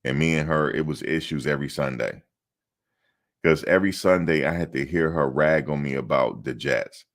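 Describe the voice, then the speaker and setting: A man hosting casual sports talk, rambling and animated, often quoting others in his own voice. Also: very deep voice, normal speed. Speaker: sports commentary host.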